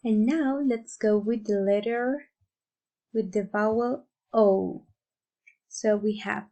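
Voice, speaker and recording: A woman teaching English pronunciation in a careful lesson, drawing out vowel sounds slowly so learners can repeat them. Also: mid-range voice, steady tone, mellow. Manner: deliberate, drawn-out modeling of vowel sounds.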